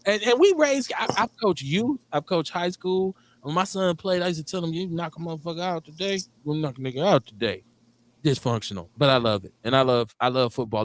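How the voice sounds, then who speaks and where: A middle-aged man from Milwaukee, hosting a casual radio talk show in an animated, profane way, laughing often. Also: medium pitch. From Milwaukee, Wisconsin. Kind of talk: casual chat.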